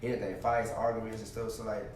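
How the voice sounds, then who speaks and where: Young guy talking quick and slangy, lowish voice, echoey room, faint noise. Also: little pitch movement, darkish tone. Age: 20s. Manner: fast, casual, slangy. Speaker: guest, YouTuber. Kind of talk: casual interview. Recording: echoey room, far from mic.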